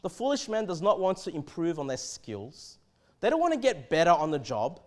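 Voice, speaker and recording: Animated Australian pastor, high lively voice. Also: male voice, normal speed. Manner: animated, conversational, stammering restarts. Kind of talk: sermon. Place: church.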